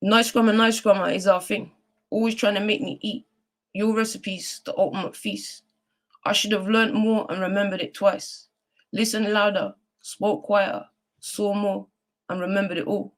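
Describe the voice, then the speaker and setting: A woman's voice: mid-range voice, fairly even intonation, moderate pace. A woman speaking as a guest poet on a video call, reciting spoken word poetry and then chatting in a heartfelt, earnest way.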